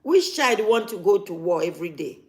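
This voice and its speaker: A woman's voice: mid-range voice, sing-song, brisk, darkish tone. A woman, talking casually to camera as a vlogger and repeating her points for emphasis.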